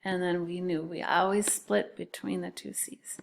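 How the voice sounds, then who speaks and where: In a recorded phonics lesson for second graders, a woman sounds out words syllable by syllable, clearly and deliberately. Her voice sits on the low side with a level tone.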